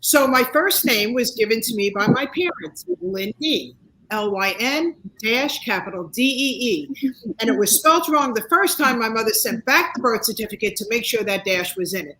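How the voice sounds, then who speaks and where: A woman in her sixties, a talk-show guest telling personal stories in an animated, motivational way. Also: on the high side, normal speed, slight background noise, poor audio. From United States. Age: 60s. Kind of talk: casual interview chat.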